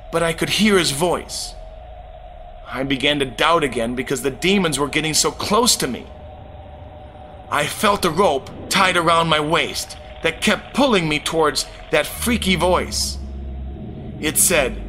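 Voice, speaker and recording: High, lively man telling a testimony. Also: unhurried, faint music behind. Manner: earnest, dramatic retelling. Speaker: testimony narrator. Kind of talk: first-person spiritual testimony.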